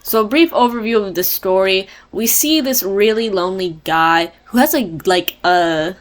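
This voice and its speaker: A woman's voice: medium pitch, moderate pace. A young woman presenting a casual book report, rambling with lots of fillers and jokey asides. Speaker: student presenter.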